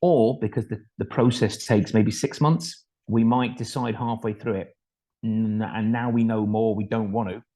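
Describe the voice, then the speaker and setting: Husky, mellow-voiced foster dad. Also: male voice, on the low side, steady tone, moderate pace, rough recording. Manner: self-deprecating anecdotal storytelling with voiced quotes. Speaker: foster carer. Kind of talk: storytelling talk. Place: kitchen at home.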